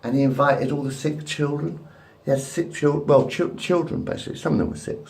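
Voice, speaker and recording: A man's voice: fairly high pitch, fairly quick, creaky, darkish tone. A man in his fifties rambling crudely and repetitively to a camera at home. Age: 50s. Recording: echoey room.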